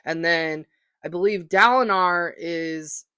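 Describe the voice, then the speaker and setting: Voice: mid-range voice, takes it slowly, bright, forceful tone, clear, resonant tone, no echo, clean studio sound. Rambling, chatty podcast host. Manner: rambling, hesitant, lots of ums and likes; enthusiastic, self-deprecating. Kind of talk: casual solo book-talk monologue.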